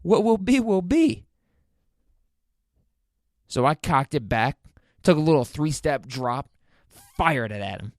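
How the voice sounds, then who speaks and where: A man hosting a podcast, telling a comic personal story in an animated, incredulous, self-mocking way. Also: mid-range voice, no room sound, studio quality. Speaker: podcast host.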